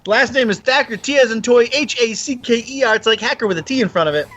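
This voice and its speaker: A man guesting on a podcast, talking in a rambling, joking way full of quick tangents. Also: very high voice, fairly bright tone, dull audio. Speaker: game studio founder and guest. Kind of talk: casual podcast chat.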